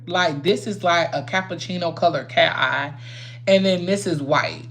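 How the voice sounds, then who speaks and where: A woman's voice: fairly low pitch, normal speed, fairly bright tone. A woman hosting a casual livestream while doing her makeup, chatty and rambling, swearing freely and talking straight to her viewers. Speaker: livestream host.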